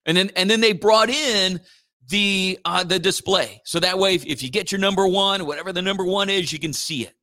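A man's voice: high-pitched, brisk, bright, forceful tone. A man hosting a morning radio show, chatting in a rambling, joking way and slipping into playful robot voices. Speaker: radio host.

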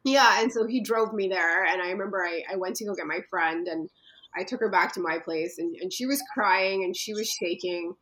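A woman from Canada telling a personal story as an interview guest, earnest and halting, with many fillers and restarts. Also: mid-range voice, a bit bright, rough recording.

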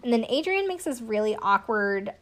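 A woman's voice: a little high, very animated, normal speed, a bit bright. Chatty sarcastic woman in her twenties. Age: 20s. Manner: chatty and sarcastic, swears casually. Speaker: podcast host recapping a reality show. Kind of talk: casual chat.

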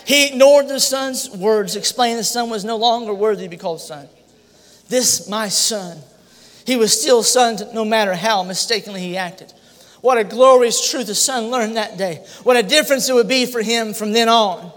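A male pastor preaching a sermon, emphatic, climbing into shouted repetitions. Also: high voice, normal speed. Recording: long hall reverb.

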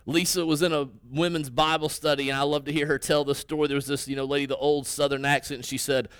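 Higher-voiced pastor preaching, smooth and dry. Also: male voice, level tone, quick pace, hardly any pauses, a bit bright, no echo. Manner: conversational preaching, tag questions, quoting listeners in their voices. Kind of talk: sermon.

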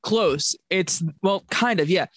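A young podcast co-host from Long Island, New York, with a mild local accent, chats casually in a high, slightly bright voice, taking it slowly. He rambles, fills his speech with fillers and corrects himself, on a dry recording.

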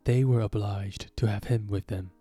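A man's voice: fairly low pitch, fairly even intonation, normal speed, mellow, soft background music, lightly acted. A man voicing a sulky, easily offended Mock Turtle creature in a storybook reading, insistent and touchy.

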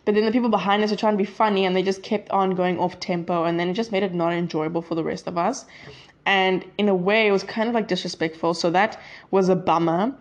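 A woman's voice: medium pitch, steady tone, quick pace, muffled recording. A teenage girl talking casually to her viewers in a chatty, rambling way that often drifts off track. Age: teens. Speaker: vlogger. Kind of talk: casual chat to camera.

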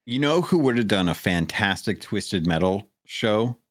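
A man's voice: lowish voice, expressive, measured pace, no echo, studio quality. A man hosting a gaming podcast, talking casually and rambling with many restarts. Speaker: podcast host. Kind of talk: casual chat.

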